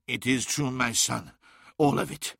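A man voicing a grieving sorcerer lord, speaking low, heavy and sorrowful in a fantasy audiobook. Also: fairly even intonation, a little slow, gravelly, fairly bright tone, slightly rough, no room sound, studio quality, heavily acted. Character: grieving ancient sorcerer lord, weary and grave.

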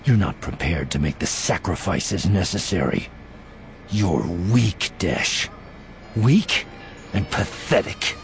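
A man voicing a contemptuous male fallen Jedi master turned Sith, speaking in a cold, low, sneering voice. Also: very animated, slow, vocal fry, slight background noise, heavily acted.

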